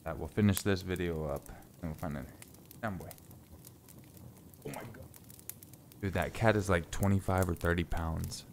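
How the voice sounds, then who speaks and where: A man's voice: low-pitched, moderate pace, creaky, pauses often, a little hiss or hum. A man chatting casually on a live stream from a home closet, laid-back and joking, swearing freely, a little stuffy from sinus trouble.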